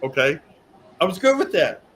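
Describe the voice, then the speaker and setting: Male guest, animated storyteller, slightly high pitch, faint background noise. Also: moderate pace. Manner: rambling animated storytelling with repeated words. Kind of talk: storytelling in a talk show interview.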